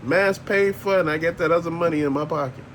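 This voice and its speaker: A man's voice: fairly high pitch, fairly quick, fairly bright tone. Blunt older man ranting, faint hum. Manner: blunt, profane, slangy, laughs often. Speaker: channel host. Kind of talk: casual ranting monologue.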